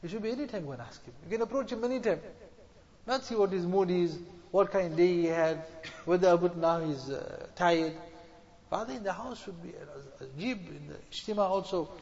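A man preaching a sermon, exhorting his listeners and repeating phrases for emphasis. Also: high voice. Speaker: Islamic preacher. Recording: dull echoey hall recording.

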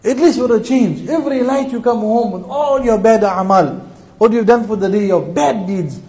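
A man's voice: high voice, normal speed, warm tone, rough recording. A man voicing a mother who earnestly urges her wayward son, within a sermon. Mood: pleading.

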